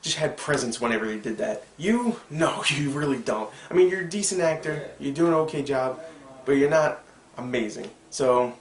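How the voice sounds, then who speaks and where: A young man casually reviewing a TV episode, rambling and excitable, with lots of fillers and side remarks. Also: medium pitch, normal speed. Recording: echoey room with faint background noise.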